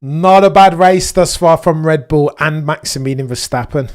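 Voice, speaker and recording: A young man hosting a live race watchalong, chatting excitedly to his viewers and reacting with slang. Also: a little high, normal speed. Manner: excitable, chatty, British slang, talks to chat. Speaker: livestream host.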